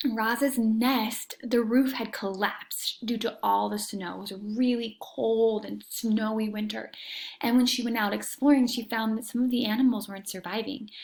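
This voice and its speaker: A young woman reading a children's novel aloud, with casual asides to listeners and soft, hushed passages. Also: a little high, vocal fry, low-quality recording. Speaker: reader.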